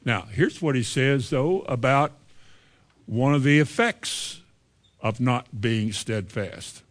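Reading verses of scripture during his sermon, a man then recasts them in lively, folksy, everyday language, speaking slowly at a medium pitch.

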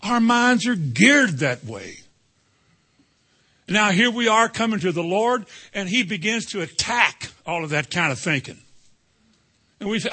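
A man's voice: high-pitched, big pitch swings, measured pace, pauses often, pushed and bright. A man preaching a sermon, emphatic and calling out to the congregation for responses.

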